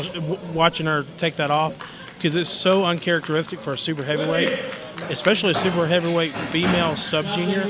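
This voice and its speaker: A man with a Southern US accent doing chatty, folksy color commentary at a live sports event. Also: a little high. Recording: crowd noise at a live event.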